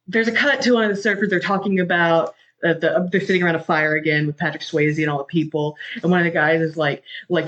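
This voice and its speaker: A podcast host gives a casual, animated retelling of a film scene, swearing and leaning heavily on fillers like "like". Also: medium pitch, fairly quick.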